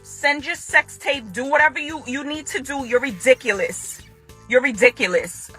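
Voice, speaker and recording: Speaking out against her ex-husband, a furious woman talks straight into the camera at a moderate pace, her high voice pushed and bright. She's confrontational, repeating phrases for emphasis, with soft background music underneath.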